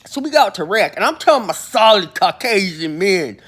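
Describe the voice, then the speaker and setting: A man's voice: high-pitched, very animated, moderate pace, fairly bright tone. A man hosting his own channel, telling a rambling comic story in a boastful, slangy way and acting out the people he quotes. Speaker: channel host telling prison stories.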